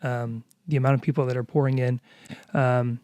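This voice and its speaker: Quick-talking young man in his twenties. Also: mid-range voice, flat delivery, a little mellow, clean tone, no echo. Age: 20s. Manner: quick, earnest, lots of fillers. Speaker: church podcast co-host. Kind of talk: casual chat.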